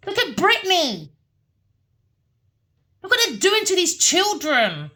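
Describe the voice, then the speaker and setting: A woman's voice: extremely high pitch, big pitch swings, slow, long pauses, pushed and bright. A woman giving a heated, repetitive tarot reading rant, cursing and scolding. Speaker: tarot reader.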